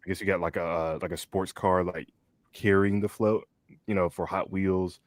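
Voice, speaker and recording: A young man with a low, deep voice talks in a loose, rambling podcast chat. He fills his sentences with "like" and "um" and laughs easily. The sound is close and dry, with no room echo. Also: fairly even intonation, moderate pace. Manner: rambling, many fillers and restarts, laughs easily. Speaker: podcast co-host. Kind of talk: casual chat.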